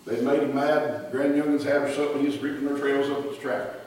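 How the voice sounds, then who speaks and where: A man's voice: medium pitch, steady tone, fast, darkish tone. A man preaching a sermon in a church, telling stories with fervent repetition. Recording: echoey hall, distant mic.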